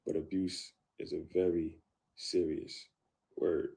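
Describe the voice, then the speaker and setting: Deep gravelly man telling his story. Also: flat delivery, dark tone. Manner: halting, repeats words and restarts often. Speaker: guest. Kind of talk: candid storytelling about a past relationship.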